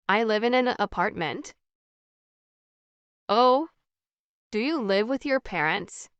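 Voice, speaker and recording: Woman, scripted conversation reader, very unhurried pace, dry close sound. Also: medium pitch, a bit bright, smooth, no room sound, highs cut off. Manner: slow, evenly paced, carefully articulated. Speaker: English practice dialogue voice.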